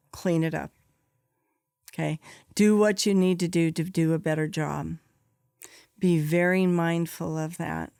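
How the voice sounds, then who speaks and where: A woman's voice: lowish voice, darkish tone, smooth, no room sound, studio quality. A woman podcast host and psychologist giving direct, practical advice, stressing her key points and checking in with "okay?". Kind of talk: advice monologue.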